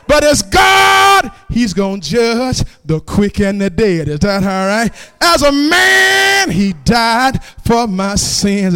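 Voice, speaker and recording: A male preacher delivering a call-and-response sermon, repeating a refrain and building to shouts in a chanting rhythm. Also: very high voice, clean tone.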